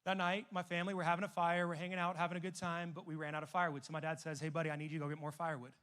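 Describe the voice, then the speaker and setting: A young man preaching a sermon as a youth pastor, telling stories and moving between emphatic and hushed delivery. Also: fairly high pitch, level tone, racing. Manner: storytelling, shifts between loud emphatic and soft hushed.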